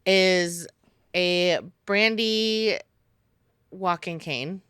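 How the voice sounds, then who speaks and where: A woman's voice: fairly low pitch, drawn-out words, fairly bright tone, smooth, no echo, clean studio sound. A woman co-hosting a movie podcast, telling laid-back anecdotes in casual chat. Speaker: podcast co-host.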